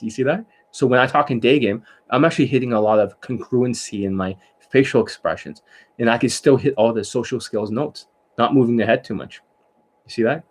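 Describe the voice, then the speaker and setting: Blunt, profane male dating coach. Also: medium pitch. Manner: blunt and profane, keeps checking in with rhetorical questions. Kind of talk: casual instructional talk.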